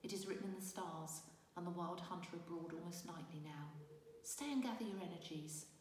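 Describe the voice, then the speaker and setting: A woman's voice: lowish voice, brisk, darkish tone, slight background noise, natural voice. A woman voicing a grave male elfin king who speaks solemnly and urgently, recorded from a distance in a reverberant room.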